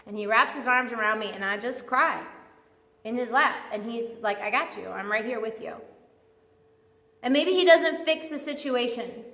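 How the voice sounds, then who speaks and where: A woman's voice: fairly high pitch, fairly bright tone. A woman preaching a sermon in a church, earnest and conversational, at times speaking heartfelt prayers aloud. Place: church sanctuary. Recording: echoey church hall.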